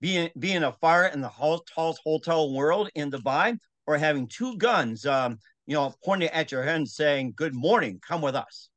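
Slightly high-voiced male interview host. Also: lively intonation, normal speed, hardly any pauses, a bit bright. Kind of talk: interview questions.

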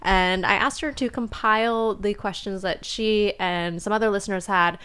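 A woman co-hosting a podcast in casual chat, chatty and quick to laugh. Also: medium pitch, a bit bright, clear, resonant tone. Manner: chatty, laughs easily, frequent "like" fillers. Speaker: podcast co-host.

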